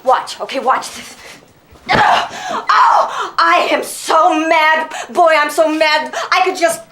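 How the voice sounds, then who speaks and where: A woman in a film drama, coaching a child by loudly acting out anger and giving commands. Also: very high voice, big pitch swings, unhurried, slight background noise, exaggerated voice, low-quality recording. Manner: loud, exaggerated, coaxing demonstration. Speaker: caregiver teaching a child.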